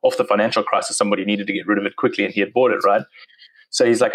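A man in his thirties with a South African accent speaks in a lowish voice, rattling along at a quick clip. His casual chat is full of "like" and easy laughter. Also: steady tone, fairly bright tone, breathy edge, rough recording. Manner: chatty, laughs easily, lots of "like". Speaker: interview guest. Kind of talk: casual conversation.

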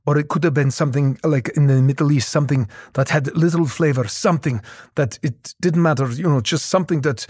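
A middle-aged man, a guest voice actor, telling animated stories in casual interview chat with many restarts. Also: on the high side, brisk, dry recording, clean studio sound.

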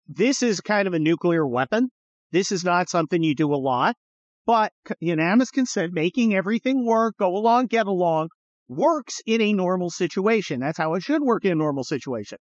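Sarcastic high-voiced male podcast host. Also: no echo, muffled recording. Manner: sarcastic, mocking, blunt with profanity. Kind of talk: political commentary monologue.

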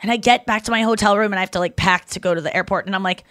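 A young adult woman co-hosting a podcast in casual chat. She tells stories in a lively way, acts out other people's lines, and swears freely. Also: medium pitch, rapid-fire, no echo, studio quality. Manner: animated storyteller who acts out quotes and swears freely. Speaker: podcast co-host.

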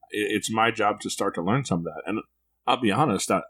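A man's voice: lowish voice, a little fast, a bit bright. Reflective man telling a personal story. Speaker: podcast co-host sharing parenting stories. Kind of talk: casual conversation.

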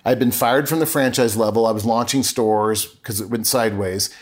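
A man's voice: medium pitch, steady tone, moderate pace. A middle-aged man talking as a podcast guest, telling a personal story earnestly and acting out remembered conversations. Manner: earnest, acts out remembered dialogue.

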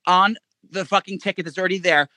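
A man spins a story for his co-host at a rapid clip, his voice high and bright. He swears freely and jumps into a higher voice to act out what people said. The sound is dry and close. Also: no echo. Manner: animated storyteller, swears a lot; acts out quotes in a high voice. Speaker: podcast co-host. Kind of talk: casual chat.

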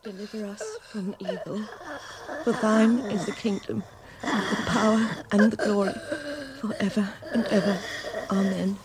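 A woman's voice: medium pitch, flat delivery, unhurried, a crowd in the background, natural voice. A woman playing a grief-stricken young mother in a vintage radio drama, pleading and fearful. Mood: prayerful. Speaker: mother of a dying boy. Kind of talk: 1940s radio acting. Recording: noisy vintage radio recording.

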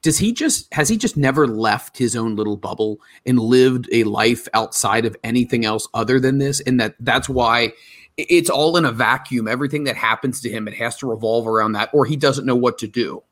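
A man's voice: mid-range voice, a little fast, a bit bright. A man hosting a podcast, asking casual follow-up questions and agreeing. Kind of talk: casual chat.

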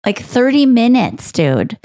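A woman's voice: fairly high pitch, slow. Ranting woman podcast co-host. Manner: ranting, animated complaining with swearing. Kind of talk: casual chat.

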